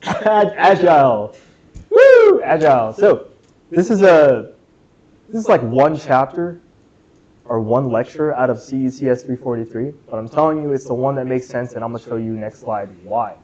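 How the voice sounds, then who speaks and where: A man's voice: mid-range voice, moderate pace, darkish tone, muffled recording. A young man giving a casual club lecture to students, jokey and chatty, asking the room questions and saying "right?" a lot. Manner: chatty, asks the room questions, jokes, says "right?" often. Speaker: club workshop presenter. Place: classroom.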